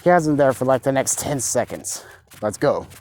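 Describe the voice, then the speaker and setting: A man's voice: mid-range voice, lively intonation, moderate pace, a little mellow, a little hiss or hum. Casual rambling male storyteller. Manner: rambling and casual, profane, many fillers. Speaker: fan-fiction storyteller. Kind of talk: improvised story narration. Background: dogs barking.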